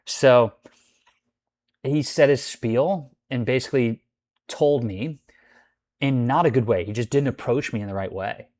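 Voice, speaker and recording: A vlogger rants casually about his roommate in a mid-range, slightly mellow voice, unhurried and pausing often. The storytime is rambling and profane, full of "like" and other fillers.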